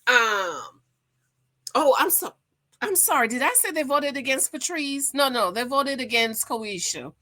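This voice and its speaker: A woman casually recapping a reality dating show to her viewers, animated and gossipy, calling them "girl". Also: sits high, a little slow.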